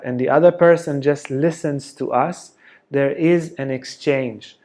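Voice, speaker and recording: A man giving a spoken teaching talk, slow and deliberate, often checking in with a soft "yeah?". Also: on the high side. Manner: slow, deliberate, gentle delivery with frequent "yeah?". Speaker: yoga teacher.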